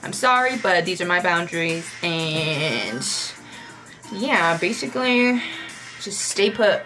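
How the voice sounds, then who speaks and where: A young woman vlogger chats casually while doing her makeup, rambling and reflective, filling her speech with "like" and other filler words. Her voice is fairly low, expressive and slow, with music playing in the background.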